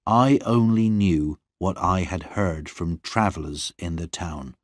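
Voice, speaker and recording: Slow, deep-voiced male storyteller. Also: no room sound, studio quality. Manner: calm, measured, even reading. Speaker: audiobook narrator. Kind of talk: scripted first-person story narration.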